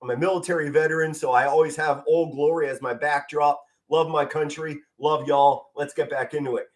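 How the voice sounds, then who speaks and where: Passionate fan commentator, fairly high voice. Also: male voice, fairly even intonation, a little fast. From Pennsylvania. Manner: passionate, emotional, stands and moves while talking, occasional stutters. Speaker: amateur play-by-play commentator. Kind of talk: live fan sports commentary stream. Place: home, standing in front of a flag.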